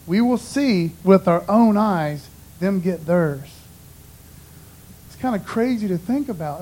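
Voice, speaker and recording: A man's voice: high-pitched, a little mellow, poor audio. A man giving an informal, conversational sermon in a folksy way, often dropping "man" and "you know". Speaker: preacher.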